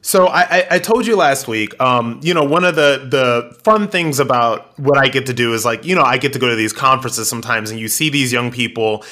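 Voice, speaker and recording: A man's voice: medium pitch, brisk, hardly any pauses, sharp tone. A man hosting a podcast, commenting casually and animatedly, with fillers and restarts. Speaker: podcast host.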